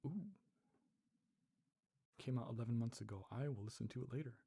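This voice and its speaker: Low-key gravelly man chatting on a livestream. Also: warm tone. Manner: reads chat aloud, laughs often, sounds out foreign words slowly. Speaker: livestream host. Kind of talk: casual livestream chat while learning a language.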